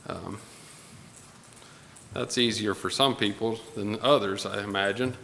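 A man preaching a Sunday morning sermon to his congregation, unhurried and pausing often with fillers. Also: lowish voice, fairly even intonation, gravelly, fairly bright tone, a little hiss or hum. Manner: unhurried, pausing with fillers, reading scripture aloud. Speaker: pastor. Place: church sanctuary. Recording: long hall reverb with faint ambience.

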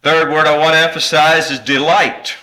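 A man preaching a sermon in a slow, earnest way, reading scripture aloud and rising to emphatic peaks. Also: on the high side, level tone, pushed and bright, low-quality recording. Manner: reads scripture in old-style wording. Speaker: pastor.

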